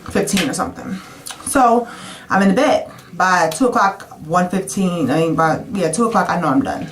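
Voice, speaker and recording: A woman in her twenties telling a personal story to camera in a chatty, animated way, with many "like" fillers and sudden high jumps when quoting herself. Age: 20s. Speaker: vlogger.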